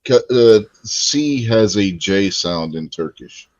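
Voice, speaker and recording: A man's voice: fairly low pitch, animated, takes it slowly, no echo, highs cut off. A man co-hosting a casual podcast chat, telling anecdotes with frequent chuckles and speaking to viewers. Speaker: podcast co-host.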